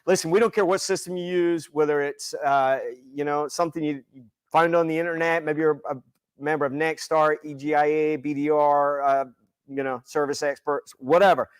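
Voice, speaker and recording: A man co-hosting a podcast in casual chat, talking in an enthusiastic, animated way. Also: on the high side, normal speed, smooth, no echo, clean studio sound. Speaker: podcast co-host.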